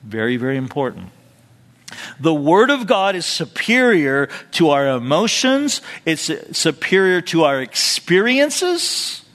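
A man's voice: on the high side, very animated, slow pace, a bit bright. A male pastor preaching a verse-by-verse sermon in a conversational way, with asides and questions to the congregation. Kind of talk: expository sermon. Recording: long hall reverb.

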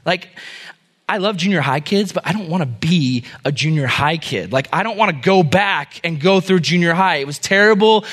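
A man preaching as a youth pastor, telling jokes and stories in an animated way. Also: sits high. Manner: animated, joking, fast storyteller. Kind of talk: sermon with humorous storytelling.

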